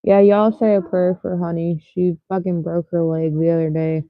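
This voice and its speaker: A woman's voice: fairly low pitch, level tone, normal speed, no room sound. Woman on a livestream talking to chat, swears a ton, blunt, sounds like a tinny phone mic. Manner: blunt and heavily profane. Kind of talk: casual livestream chat with viewers.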